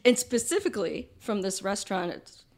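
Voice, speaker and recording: Female podcast guest, gravelly tone, giggly and tongue-tied. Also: medium pitch, big pitch swings, fairly quick, a little mellow. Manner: giggly, stumbles on words. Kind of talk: casual chat.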